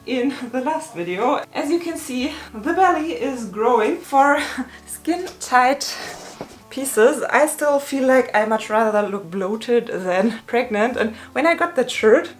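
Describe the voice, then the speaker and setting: A woman's voice: on the high side, animated, slow, soft background music. Chatty, slightly breathless woman vlogger. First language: German. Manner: chatty and personal. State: a little out of breath. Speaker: fashion vlogger. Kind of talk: casual shopping recap.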